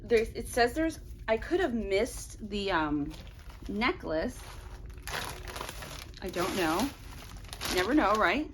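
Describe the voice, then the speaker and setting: A woman's voice: medium pitch, very animated, slow pace, long pauses, noisy background. A young woman reviewing a clothing subscription box in a casual unboxing vlog, talking in a frustrated, rambling way with many "like"s. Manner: frustrated, fills talk with "like".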